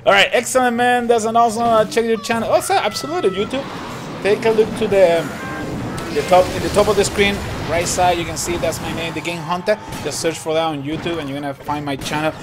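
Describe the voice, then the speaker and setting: A young man with a Chilean Spanish accent, a tired but excitable gaming streamer who laughs often and repeats himself while commenting on matches. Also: sits high, quick pace. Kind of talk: live-stream game commentary. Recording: clear background music. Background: music.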